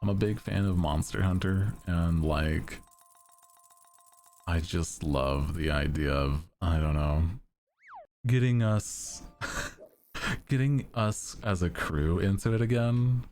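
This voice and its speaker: A young male streamer with a very deep, low voice, talking in an unhurried, laid-back monotone. He chats casually with his viewers, giggling now and then as he reads their messages. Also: slight background noise. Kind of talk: casual chat with chat.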